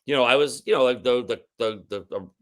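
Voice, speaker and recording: A man guesting on a podcast, talking in a halting casual way with many restarts and fillers. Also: medium pitch. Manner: halting, repeats words, lots of fillers. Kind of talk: casual chat.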